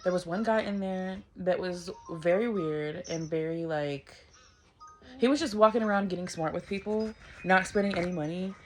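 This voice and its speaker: A woman's voice: lowish voice, normal speed. A woman, chatting casually to camera in a vlog, blunt and swearing freely. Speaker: vlogger.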